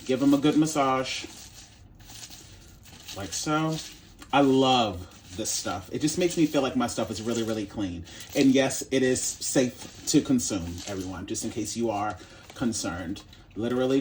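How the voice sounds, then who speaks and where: A man's voice: mid-range voice, darkish tone, a little hiss or hum. A man hosting his cooking channel, walking through a recipe in a casual, sassy, playful way and calling viewers baby and honey.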